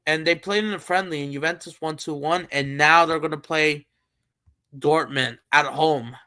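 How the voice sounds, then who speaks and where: A man's voice: fairly high pitch, normal speed, bright, forceful tone. A man hosting a live stream, chatting casually about football and thinking aloud with many fillers and restarts. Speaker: streamer host.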